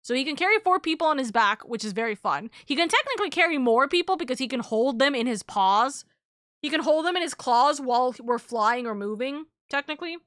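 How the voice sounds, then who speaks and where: A woman's voice: high voice, animated, a little fast, fairly bright tone, no echo, studio quality. A young adult woman streaming a game, chatting casually in a bubbly, rambling way and correcting herself often. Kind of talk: casual live-stream chat.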